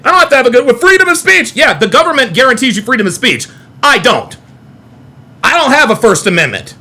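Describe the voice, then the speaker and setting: A man's voice: extremely high pitch, big pitch swings, fast talker, sharp tone. A man hosting a live call-in stream, talking in a heated, combative way, repeating himself and swearing often. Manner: combative, repetitive, profane.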